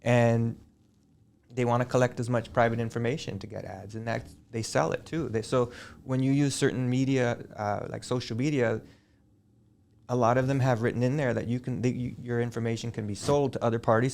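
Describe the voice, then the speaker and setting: A middle-aged man, a high school teacher, chatting as a guest on a school podcast and telling long, digressive stories. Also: fairly even intonation, brisk, vocal fry, a little mellow. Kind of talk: casual interview chat.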